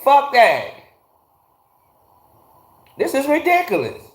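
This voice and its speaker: A man's voice: extremely high pitch, huge pitch swings, slow. A man hosting a casual livestream, ranting bluntly with lots of swearing and greeting his chat viewers by name, talking into a phone from a garage. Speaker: livestream host. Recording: echoey garage.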